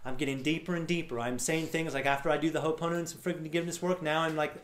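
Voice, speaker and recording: A man giving an energetic, casual storytelling talk to a live audience at an event. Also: fairly high pitch, very fast. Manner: energetic, casual, swears now and then. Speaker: workshop speaker. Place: large room at a live event. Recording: echoey room sound.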